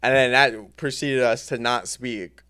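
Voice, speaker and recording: A man's voice: medium pitch, fairly even intonation, a little slow, bright, forceful tone, clean tone. A man telling stories as a podcast guest, laid-back and slangy in casual chat.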